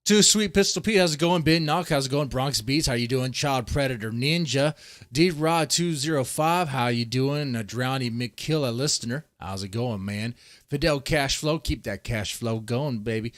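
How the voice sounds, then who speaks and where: A man's voice: mid-range voice, moderate pace, dry recording. A man hosting a livestream, rambling in casual, profane commentary and talking straight to his chat. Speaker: livestream host.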